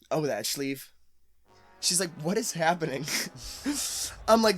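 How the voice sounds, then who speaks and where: A man's voice: fairly high pitch, lively intonation, slow pace, pauses often, faint music behind. A young man hosting a let's play, rambling and swearing in casual chat and laughing at his own jokes.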